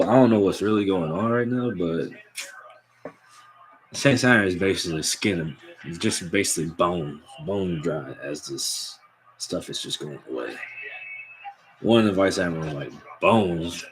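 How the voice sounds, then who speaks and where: A young man casually recapping a manga chapter, excitable and slangy, reading out the characters' lines as he goes. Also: deep voice, measured pace, pauses often, poor audio.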